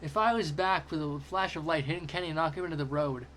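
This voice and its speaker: A man's voice: a little high, fast talker, a bit bright, slight background noise. A man reading fanfiction aloud, amused and stumbling over words now and then. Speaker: fanfiction reader.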